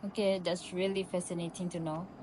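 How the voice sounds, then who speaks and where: A woman's voice: fairly low pitch, flat delivery, a little fast, mellow, a little hiss or hum, low-quality recording. A woman interviewer who politely asks structured questions.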